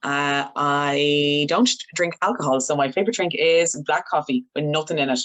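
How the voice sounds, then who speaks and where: Low-voiced young woman. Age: young adult. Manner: lively storyteller, quick asides. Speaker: radio journalist, guest. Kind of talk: casual interview chat.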